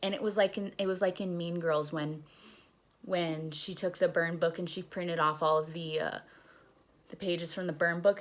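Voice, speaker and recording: A woman's voice: fairly low pitch, fairly bright tone. A young woman casually telling a story on her vlog, candid and profane, retelling events with animation. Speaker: vlogger.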